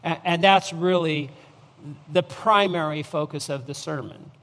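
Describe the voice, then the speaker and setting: A man preaching a sermon, speaking deliberately with repeated restarts and rising emphasis on key phrases. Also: on the high side, a bit bright, big-room sound. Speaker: pastor.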